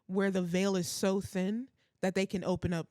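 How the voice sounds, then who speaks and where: A woman's voice: medium pitch, little pitch movement, moderate pace, a little mellow, dry recording, studio quality. A woman co-hosting a podcast, explaining theories in an earnest, conspiratorial casual chat. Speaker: podcast co-host.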